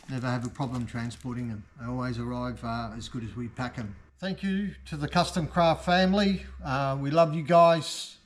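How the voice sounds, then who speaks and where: Speaking in a mid-range voice over a faint hiss or hum, this man runs a relaxed product vlog for his motorcycle parts business. He comes across as upbeat, laid-back, and salesman-like.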